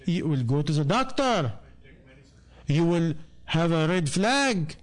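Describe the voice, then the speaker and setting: A man preaching a sermon, his voice sitting notably high for a man. He speaks English with broken, non-native grammar. He keeps pressing his listeners with rhetorical questions and demands for answers. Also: lively intonation, normal speed, long pauses. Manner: rhetorical questions put to the audience.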